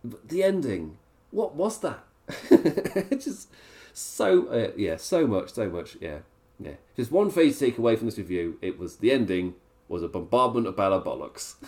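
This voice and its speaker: A man's voice: lowish voice, very animated, normal speed, a little mellow. A man giving a rambling, casual live review, laughing often. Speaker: wrestling reviewer, livestream host.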